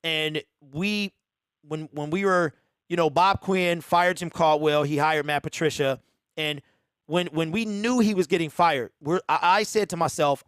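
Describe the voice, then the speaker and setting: A man hosting a call-in show in a casual, rambling way, calling the caller "man" again and again. His voice sits a bit high for a man. The sound is dry and close. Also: a little slow, fairly bright tone, clean tone, no room sound. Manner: loose, repeats himself, says "man" a lot. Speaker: host of a fan call-in show.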